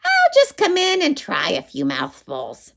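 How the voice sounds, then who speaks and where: A woman voicing a sly, greedy female witch with a high, wheedling, boastful voice in a read-aloud storybook. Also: huge pitch swings, a little slow, gravelly, a bit bright, heavily acted.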